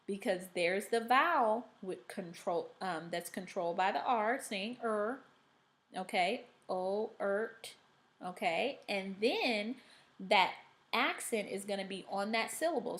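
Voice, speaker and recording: A woman teaching a recorded reading lesson to students. She is upbeat and checks in with "okay" after most steps. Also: mid-range voice.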